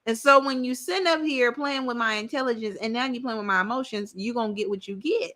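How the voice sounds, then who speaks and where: A woman's voice: a little high, fairly quick, sharp tone. A woman hosting a reaction commentary, talking bluntly and directly with lots of profanity. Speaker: commentary host. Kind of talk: reaction commentary on a panel clip.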